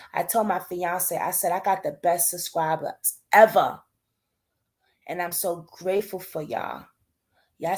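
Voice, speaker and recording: A woman's voice: on the low side, a little mellow. A woman hosting a casual livestream from home, talking in a chatty, heartfelt way to her subscribers and calling them y'all.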